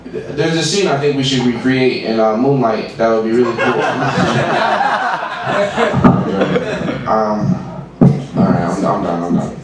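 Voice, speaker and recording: A man's voice: medium pitch, animated, takes it slowly, heavy background noise. A man doing a stand-up set at an open mic, rambling with lots of restarts and laughing at his own jokes. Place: small comedy club stage. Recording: echoey room, far from mic.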